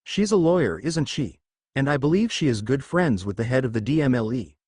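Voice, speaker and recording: A man's voice: mid-range voice, lively intonation, brisk, darkish tone, husky, no room sound. A man voicing Bella, a playful, affectionate adult witch, in a dry, close storybook reading. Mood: hopeful. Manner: teasing, affectionate.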